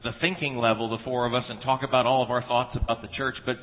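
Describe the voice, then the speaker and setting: A man's voice: medium pitch, level tone, fast talker. Folksy preacher man in a big hall. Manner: earnest, folksy and humorous, with frequent restarts. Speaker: guest preacher at a church conference. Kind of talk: sermon with anecdotes. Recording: tinny phone-like sound in a reverberant hall.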